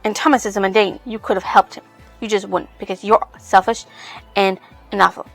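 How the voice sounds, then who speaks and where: Sharp-tongued young lady, cold and curt, read by a woman in a book recap. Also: mid-range voice, steady tone, brisk, creaky, soft background music. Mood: scornful. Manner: curt, contemptuous.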